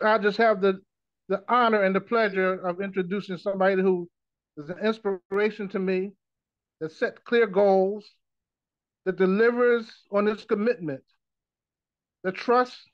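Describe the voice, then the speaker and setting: A man's voice: high-pitched, no room sound. A man co-hosting an online meeting over a video call, friendly and greeting callers, with some hesitant restarts. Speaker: co-host introducing a speaker. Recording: dull, dry video call audio.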